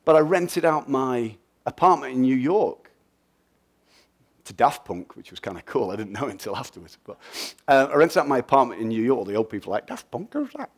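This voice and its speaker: A middle-aged man from England with an English accent, giving a lively, joking and blunt motivational talk at a festival, answering audience questions. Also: medium pitch, brisk. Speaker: guest speaker.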